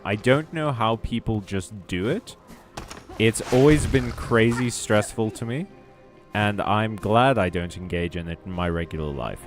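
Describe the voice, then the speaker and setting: A man streaming a video game, chatting casually in a rambling, self-deprecating way and swearing freely. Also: lowish voice. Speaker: VTuber streamer. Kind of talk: casual gaming stream chat.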